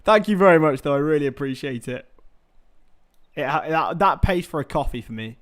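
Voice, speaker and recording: High-voiced young bloke commentating. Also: male voice, normal speed. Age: young adult. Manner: chatty, swears, bursts into excited shouts at chances. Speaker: watchalong host. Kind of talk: live football watchalong commentary.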